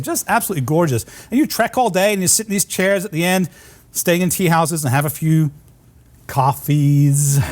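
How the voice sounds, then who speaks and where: A male professor lecturing in a hall, his voice sitting high and swinging widely in pitch. He tells travel stories over slides in an animated, storytelling way. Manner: animated anecdotes with audience laughter. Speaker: college geography professor giving a lecture.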